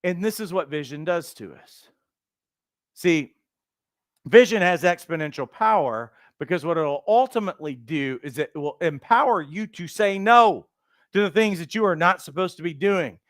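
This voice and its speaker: High-voiced animated male coach. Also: normal speed, no room sound, clean studio sound. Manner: animated, acts out quoted voices. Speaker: life coach trainer. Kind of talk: motivational teaching talk.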